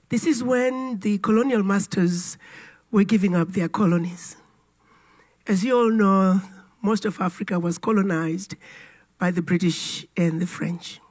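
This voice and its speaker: A middle-aged woman with a raspy, hoarse voice from a cold, giving a formal public speech in a deliberate, emphatic way. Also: mid-range voice, a little mellow. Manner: deliberate, emphatic storytelling delivery. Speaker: keynote speaker.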